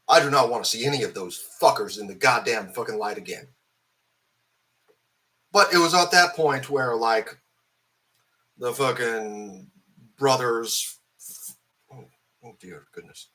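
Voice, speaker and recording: Hung-over man venting about a movie, foul-mouthed and rambling, with a bright, tense tone. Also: medium pitch. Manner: profane, angry, rambling with many fillers. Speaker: film reviewer. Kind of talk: ranting film review.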